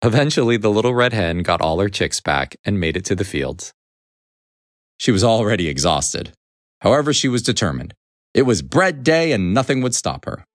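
A man reading a children's storybook aloud in an expressive, animated way. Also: lowish voice, moderate pace, no echo, studio quality.

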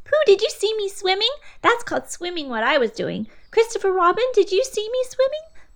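A woman voicing Roo, an excitable young kangaroo boy who squeaks and boasts. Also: slow. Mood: excited.

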